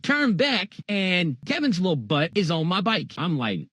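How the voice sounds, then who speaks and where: A man spinning a comic story from his childhood in loose, profane slang, tossing in jokey asides. His voice runs high and leaps all over the place. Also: very animated, measured pace, hardly any pauses, fairly bright tone, husky, no room sound. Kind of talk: casual comedic storytelling.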